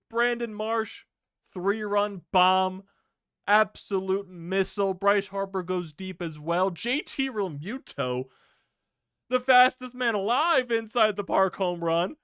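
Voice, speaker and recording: A young man hosting a sports video, giving an excited fan reaction rant, swearing freely and laughing. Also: sits high, slow pace, clear, resonant tone, no room sound, clean studio sound.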